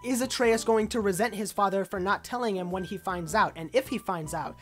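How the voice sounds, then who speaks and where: A woman breaks down a game trailer in loose, chatty commentary. She sounds keen and a bit scattered, sprinkling fillers through her sentences. Her voice sits at an ordinary middle pitch with soft music faintly underneath. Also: brisk. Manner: excited, rambling, many "uh" and "like" fillers. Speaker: video game trailer analyst. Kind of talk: casual commentary over a trailer.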